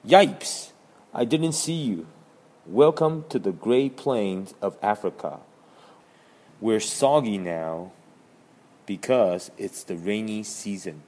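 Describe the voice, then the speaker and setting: A man's voice: lowish voice, expressive, slow pace, few pauses, dark tone. A man doing a chirpy female termite guide. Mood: cheerful. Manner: chirpy, welcoming.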